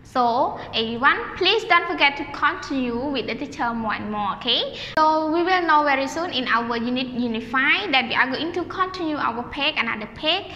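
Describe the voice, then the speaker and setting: A woman with a high, bright voice teaches a kindergarten class, stretching out words and repeating them for the children to copy. Her voice rings in an echoey room with a long reverb tail. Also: lively intonation, slight background noise. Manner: slow, drawn-out repetition for children. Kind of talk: online classroom lesson.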